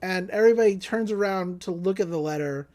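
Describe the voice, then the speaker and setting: A woman co-hosting a podcast, casually recapping an anime episode in a lively way, often laughing and acting out the characters' lines. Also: on the low side, fairly quick. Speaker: podcast co-host.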